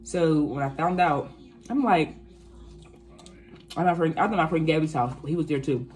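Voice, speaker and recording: A woman in her twenties telling a casual storytime, animated and profane, acting out quotes. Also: low-pitched, moderate pace, slight background noise. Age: 20s. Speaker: vlogger.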